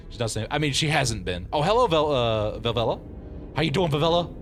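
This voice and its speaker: A male streamer chatting through a game, joking and breaking into laughter. His pitch swings widely as he reacts. Faint music plays underneath. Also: sing-song, a bit bright. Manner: playful, quick to laugh, exclaiming. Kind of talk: live game commentary.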